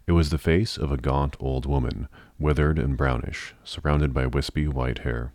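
A man narrating a novel in a measured, even storytelling manner. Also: very deep voice, no echo, clean studio sound. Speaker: audiobook narrator.

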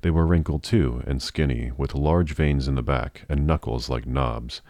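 A man narrating a novel in a measured, even storytelling manner. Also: a bass voice, dry recording, clean studio sound. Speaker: audiobook narrator.

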